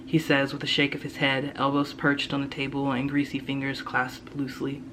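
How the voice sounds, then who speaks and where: A young man, a student, reading his own first-person fiction aloud in a steady, low-key way. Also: moderate pace, hardly any pauses, a little hiss or hum, low-quality recording. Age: young adult. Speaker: student reader.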